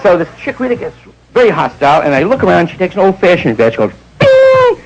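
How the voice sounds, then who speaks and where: A man doing stand-up storytelling, jumping into quick voices of the people in his stories. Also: sits high, big pitch swings, highs cut off, a little hiss or hum. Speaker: stand-up comedian.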